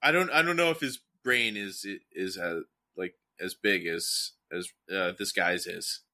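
A young man in his twenties chatting casually, loose and profane, and excitable when telling a story. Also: low voice, unhurried. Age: young adult.

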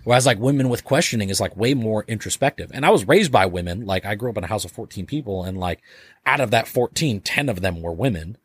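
A man's voice: fairly low pitch, animated, fast, husky, dry recording. A man as a podcast guest talking casually and loosely, filling his sentences with "like", swearing offhandedly and acting out little dialogues. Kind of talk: casual conversation.

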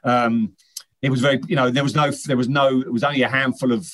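This interview guest, an English former footballer whose parents are Northern Irish, speaks quickly in a medium-pitched, steady, somewhat bright voice. His casual storytelling is full of restarts and repeated words.

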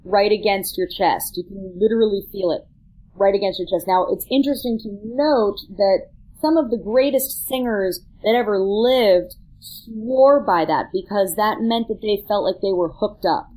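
A woman's voice: mid-range voice, a little mellow, rough recording. A woman who is a vocal coach, explaining singing technique and showing sounds as she goes. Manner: instructive, demonstrates sounds while explaining. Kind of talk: teaching on a talk show.

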